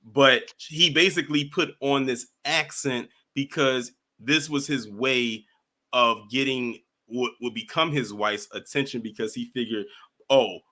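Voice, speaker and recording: Bright-voiced man hosting a call-in. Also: medium pitch, measured pace. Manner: animated, laughs while telling stories. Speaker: host of a call-in stream. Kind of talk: casual chat.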